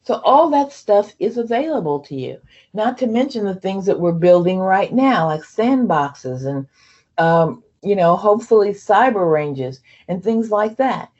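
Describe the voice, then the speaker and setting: A woman's voice: medium pitch, animated, a little slow, a little mellow, husky. Woman presenter, chatty, muffled sound. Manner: conversational, many fillers and restarts. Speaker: program leader addressing trainees. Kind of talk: onboarding presentation.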